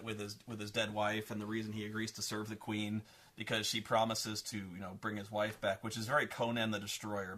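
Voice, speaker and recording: Man, film reviewer, rambling rant, animated, self-deprecating, bright tone. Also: lowish voice.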